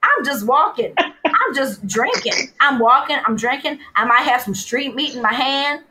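A woman from New Orleans, a podcast guest, telling stories in an animated way and mimicking other people's voices. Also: high-pitched, normal speed, very noisy. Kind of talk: casual storytelling chat.

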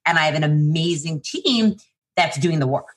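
A woman who founded a PR agency, talking casually and quickly in an interview, with lots of fillers and restarts. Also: low-pitched, lively intonation.

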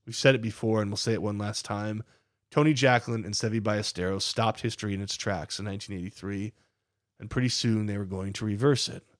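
A man's voice: lowish voice, fairly even intonation, fairly quick, no echo, studio quality. A man narrating a podcast, telling the story with emphatic, dramatic builds.

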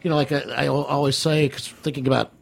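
Gravelly wisecracking male co-host. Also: mid-range voice, level tone, fast talker. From New Jersey. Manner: wisecracking, laughs often. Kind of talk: casual banter.

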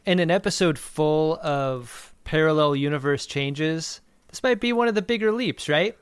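A man's voice: fairly high pitch, normal speed, smooth, dry recording, clean studio sound. A man with a thin, reedy voice, co-hosting a podcast in a casual, playful way as he recaps and riffs. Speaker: podcast co-host.

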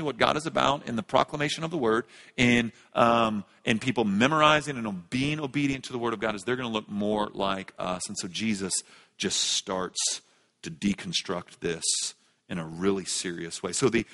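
A man preaching a sermon as a pastor, swinging between loud emphatic lines and hushed ones. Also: fairly high pitch. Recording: echoey large hall.

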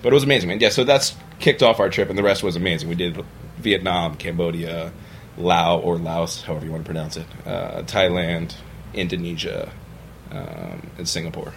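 Low-voiced storyteller, young adult man, animated, mimics the people in his tales, faint hiss behind him. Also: brisk, vocal fry. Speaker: bar owner, podcast guest. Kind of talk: casual storytelling chat. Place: podcast studio.

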